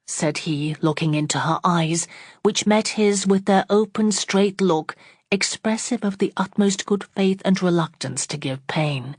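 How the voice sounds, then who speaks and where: Low-voiced female audiobook narrator, steady and unhurried, dry close sound. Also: no room sound. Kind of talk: classic novel audiobook narration.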